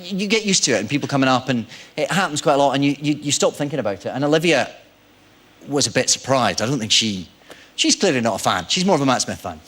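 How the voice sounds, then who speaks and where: A man in his forties, a guest actor on a chat show, telling lively anecdotes and acting out the voices of people in them. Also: fairly high pitch. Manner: animated storyteller, acts out quoted voices.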